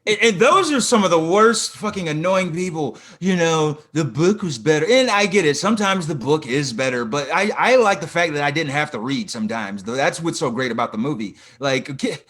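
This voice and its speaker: A man with a fairly high voice that swings up and down, co-hosting a podcast. He rants with heavy swearing and punchy emphasis, talking in loose, casual chat. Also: animated, fairly quick, hardly any pauses, a bit bright. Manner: profane, emphatic ranting. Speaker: podcast co-host.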